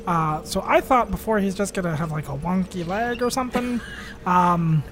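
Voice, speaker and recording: A man's voice: high-pitched, moderate pace, background noise. A man playing a tabletop role-playing game, rambling and playful. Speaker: player.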